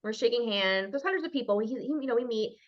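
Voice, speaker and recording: A woman with a Minnesota accent speaks high and with a swooping, lively melody. She is a guest speaker on a video call who plays out short exchanges with a playful touch. The call audio sounds dull and muffled. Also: fast. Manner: lively, playful, acts out little dialogues. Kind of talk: animated presentation on a video call.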